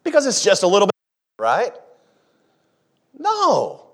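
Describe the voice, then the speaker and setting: A man preaching a sermon, who jokes with the congregation and acts out scenes, swinging from hushed asides to shouting. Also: high voice, very animated, unhurried. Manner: dramatic, acts out the disciples' panic, swings from quiet to shouting. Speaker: pastor.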